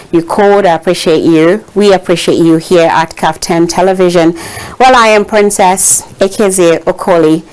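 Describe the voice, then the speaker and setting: A woman's voice: fairly low pitch, poor audio. A woman hosting a live call-in show, speaking with many fillers and restarts. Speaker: show host.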